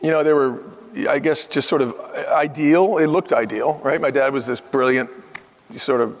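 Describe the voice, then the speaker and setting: A man's voice: medium pitch, normal speed. A man in his fifties, a guest on a podcast, telling stories earnestly and with emphasis in a conversational interview. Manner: earnest, emphatic storytelling that acts out the people he quotes. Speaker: podcast guest, former restaurant chief executive. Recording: long hall reverb.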